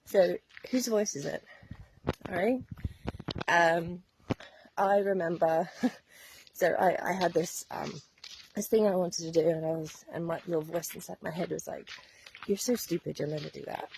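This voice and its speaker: A woman's voice: lowish voice, fairly even intonation, unhurried, long pauses, a little mellow, a little hiss or hum, rough recording. A woman giving a chatty, earnest wellness talk to her viewers, laughing now and then. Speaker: wellness coach. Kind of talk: casual talk to camera.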